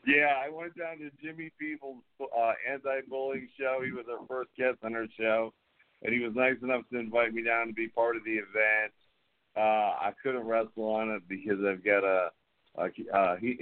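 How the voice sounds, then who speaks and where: A man's voice: lowish voice, steady tone, normal speed. A middle-aged man hosting a wrestling show, chatting casually with a promo-style swagger and calling people brother. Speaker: host. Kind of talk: casual chat. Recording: tinny phone-like line.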